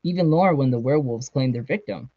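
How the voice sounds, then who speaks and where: A man's voice: medium pitch, warm tone, breathy edge, no echo. A man voicing a thoughtful young man who reasons through odds. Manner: reasoning, measured. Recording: dry, slightly dull sound.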